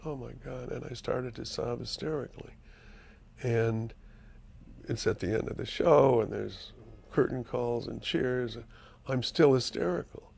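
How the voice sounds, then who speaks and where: An older man with a gravelly, creaky voice tells stories candidly in an interview. He is animated and emphatic and swears freely. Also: medium pitch. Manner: animated storyteller, profane and emphatic. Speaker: screenwriter being interviewed.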